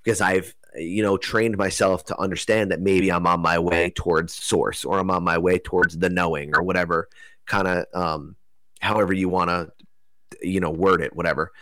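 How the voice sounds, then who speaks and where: A young man from New Jersey telling a rambling, animated story in casual conversation, loose with slang and swearing. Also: deep voice, normal speed, dry recording.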